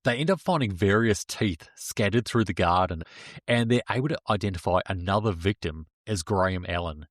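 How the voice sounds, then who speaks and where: A man's voice: low-pitched, moderate pace, dry recording, clean studio sound. A man co-hosting a casual true-crime podcast, recounting the story plainly. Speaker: podcast co-host.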